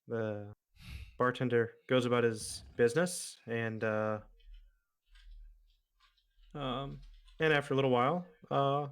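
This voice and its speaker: A man chats casually while playing an online game with a friend. He tells jokes in a rambling way, full of pauses and fillers, at an ordinary middle pitch. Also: fairly even intonation, smooth. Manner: rambling joke-teller with many fillers. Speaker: streamer. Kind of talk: casual gaming chat.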